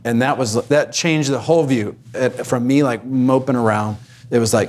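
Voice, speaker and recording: A man's voice: medium pitch, moderate pace, a little hiss or hum. A man, a pastor, candidly sharing a personal story of hardship on a Christian panel. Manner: candid, reflective.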